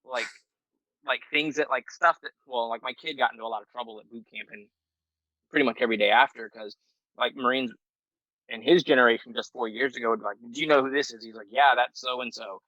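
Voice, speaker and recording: A middle-aged Marine veteran telling a story as a podcast guest in a loose, profane, rambling way with many fillers. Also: male voice, mid-range voice, fairly even intonation, a little fast, sharp tone, no room sound, poor audio. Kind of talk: casual storytelling.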